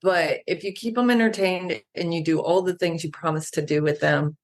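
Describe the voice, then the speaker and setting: A woman animal naturopath, a podcast guest, who tells stories in a lively way and acts out the people she quotes. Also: lowish voice, normal speed. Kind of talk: casual podcast conversation.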